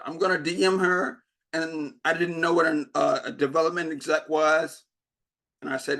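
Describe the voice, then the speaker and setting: A man's voice: a little high, normal speed, sharp tone. A young man giving a motivational keynote, telling his story and acting out the dialogue. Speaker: keynote speaker.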